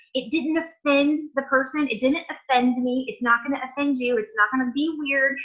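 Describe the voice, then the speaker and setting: Bright, emphatic woman coaching her team. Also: high-pitched, moderate pace, hardly any pauses, muffled recording. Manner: emphatic, repeats words for stress. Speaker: network marketing trainer. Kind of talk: casual coaching talk to a team.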